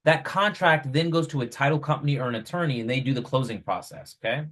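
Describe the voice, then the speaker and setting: A man's voice: mid-range voice, fast talker. Chatty man coaching over a video call. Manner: energetic, chatty, keeps asking "right?". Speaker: real estate investing coach. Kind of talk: casual teaching on a video call.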